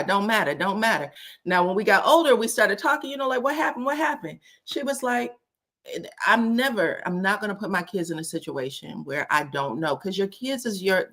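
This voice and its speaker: A woman chatting casually on a live stream, telling family stories with frequent laughs and acting out quoted lines in a raised voice. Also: lowish voice. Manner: animated, laughs often, acts out quotes in a raised voice.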